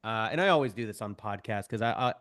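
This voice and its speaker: A man's voice: on the low side, fast. A man in his thirties, a podcast guest, talking casually and animatedly, acting out the voices of people in his stories with self-deprecating humor. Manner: animated, self-deprecating storyteller who acts out quoted voices. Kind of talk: podcast interview.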